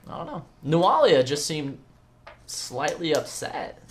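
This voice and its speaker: A man's voice: fairly high pitch, very animated, takes it slowly, slight background noise. A man running a tabletop game, narrating casually with fillers and answering players in character. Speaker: game master.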